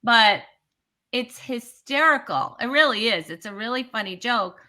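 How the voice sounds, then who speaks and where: A woman's voice: on the high side, lively intonation, a little slow, bright, forceful tone. A woman comedian talking as a guest in a casual interview, chatty and emphatic, with frequent restarts.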